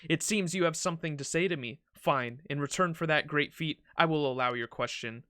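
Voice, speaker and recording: A man's voice: fairly high pitch, fairly quick, sharp tone, no room sound, studio quality. A man reading a proud ancient pharaoh king in a game, with a pompous, regal, mocking delivery. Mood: haughty.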